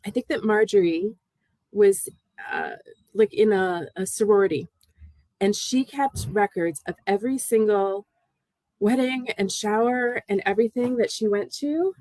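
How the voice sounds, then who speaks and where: A middle-aged woman from the United States hosts a casual knitting livestream. She talks loosely and with feeling, laughs often, and calls out to viewers by name. Her voice sits at a medium pitch and is recorded close and dry. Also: unhurried, mellow, dry recording.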